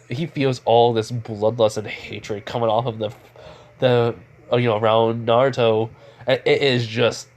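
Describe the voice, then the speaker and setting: A man's voice: mid-range voice, a little mellow. Rambling man retelling a fan story. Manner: rambling, with many fillers and self-corrections. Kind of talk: casual improvised fan-fiction retelling.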